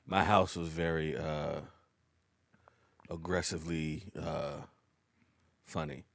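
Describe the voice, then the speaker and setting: A man's voice: a bass voice, little pitch movement, takes it slowly, creaky, no room sound, clean studio sound. A man hosting a podcast, chatting in a laid-back way with brief replies. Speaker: podcast host. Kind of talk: casual chat. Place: podcast studio.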